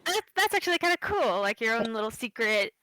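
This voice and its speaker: A woman hosts a casual podcast, chatty and enthusiastic with frequent laughs. Her voice is bright and pitched somewhat high. The sound is dry and close, with no room around it. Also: big pitch swings, brisk, no echo, poor audio. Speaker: podcast host. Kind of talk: casual interview chat.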